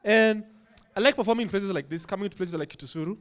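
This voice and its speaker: High-voiced Kenyan man doing stand-up. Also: fast. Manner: playful, mixes English and Swahili slang. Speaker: stand-up comedian. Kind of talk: stand-up routine.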